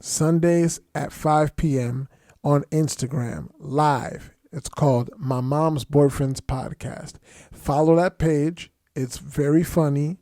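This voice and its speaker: A man with a New Jersey accent co-hosting a podcast in relaxed, slangy chat. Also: fairly high pitch, slow pace, dry recording, clean studio sound. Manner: laid-back, slangy and chatty. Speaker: podcast co-host. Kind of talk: casual chat.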